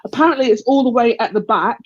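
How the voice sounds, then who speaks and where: A woman's voice: fairly high pitch, fast talker, no room sound. Chatty woman telling a story. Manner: chatty, rambling, laughs often, acts out voices in quotes. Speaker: panel guest telling a birth story. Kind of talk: casual storytelling on a live panel. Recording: dull, lo-fi call audio.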